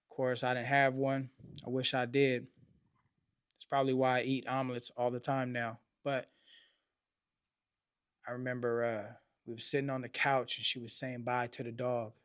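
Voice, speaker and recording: A man hosting a podcast, telling a personal story in blunt, profane street slang, his voice rising in pitch and volume when he acts out remembered moments. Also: level tone, moderate pace, pauses often, fairly bright tone, clear, resonant tone, no echo, studio quality. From Oakland, California. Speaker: podcast host.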